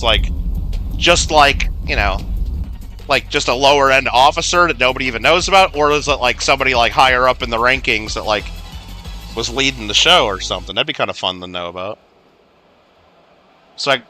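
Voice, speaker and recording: A man's voice: mid-range voice, sharp tone. A man hosting a game livestream, chatting casually in a rambling way full of fillers while he plays. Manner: rambling, filler-heavy storytelling with lots of "like". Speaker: livestream gamer host.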